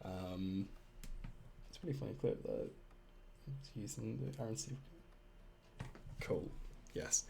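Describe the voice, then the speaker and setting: A man's voice: low voice, creaky, breathy edge. A British man chatting casually with his livestream viewers while he animates, rambling and chuckling between thoughts. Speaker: animator streaming live.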